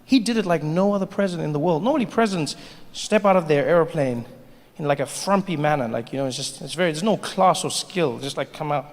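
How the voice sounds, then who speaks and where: Stand-up comic from South Africa, South African accent, mid-high voice, on a stage mic with long hall reverb. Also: male voice. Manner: storytelling with quick asides and mimicry. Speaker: stand-up comedian. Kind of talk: stand-up routine. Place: theater stage. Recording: reverberant live theater recording, faint noise.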